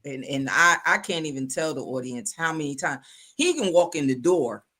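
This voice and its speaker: A woman's voice: low-pitched, lively intonation, normal speed, fairly bright tone. A woman hosting a casual interview, eager and repeating words as she gets going. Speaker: interview host.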